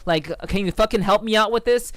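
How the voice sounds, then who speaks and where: A woman's voice: mid-range voice, fairly quick, dry recording, pitched above the performer's own voice, lightly acted. A woman voicing a sassy, foul-mouthed young cat girl with a New Jersey accent who scolds someone over laundry, as an improvised bit on a livestream. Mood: scolding. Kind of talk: improvised streamer character bit.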